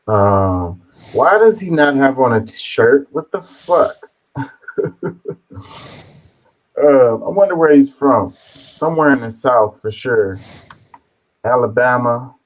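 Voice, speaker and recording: A man's voice: medium pitch, lively intonation, slow pace, pauses often, poor audio. A man hosting a reaction video, musing aloud in a rambling way with lots of fillers. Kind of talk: casual reaction commentary.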